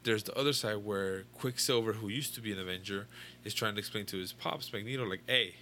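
A young man with a fairly low but bright, forceful voice, rambling through a comic book plot in loose, casual chat. He swears freely and trips over fillers and restarts. A faint hiss sits under the recording. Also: fast. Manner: rambling, profane, filler-heavy storytelling. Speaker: comic book fan recapping a storyline.

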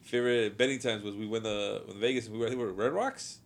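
A man in casual podcast chat, telling animated, profane anecdotes. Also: lowish voice, very fast.

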